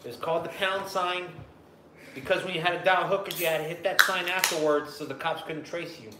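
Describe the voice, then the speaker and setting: A man's voice: on the high side, brisk. A young man co-hosting a podcast, joking crudely in casual banter. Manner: crude, joking, slips into put-on voices. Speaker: podcast co-host. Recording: echoey room, faint background hum.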